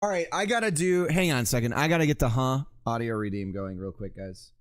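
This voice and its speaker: A man's voice: mid-range voice, brisk, clear, resonant tone. A man streaming live, chatting casually and joking with his viewers. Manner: playful, calls out to a pet in a sing-song voice.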